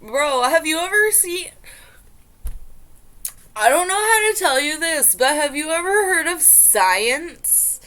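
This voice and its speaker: A woman's voice: high voice, expressive, slow, sharp tone. A woman vlogger reading online posts aloud and reacting in disbelief. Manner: incredulous, exasperated reactions. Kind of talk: casual reaction commentary.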